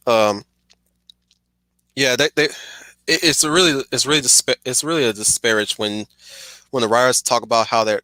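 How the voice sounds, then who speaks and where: Man, streamer, casual rambling commentary, stuttering restarts, bright tone, dry sound. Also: lowish voice, no room sound.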